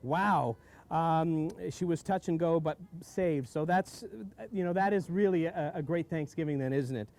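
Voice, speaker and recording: A man's voice: a little high, unhurried, darkish tone. A man hosting a live stream outdoors on a farm, chatty and full of exclamations. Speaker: host. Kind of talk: live-streamed casual chat.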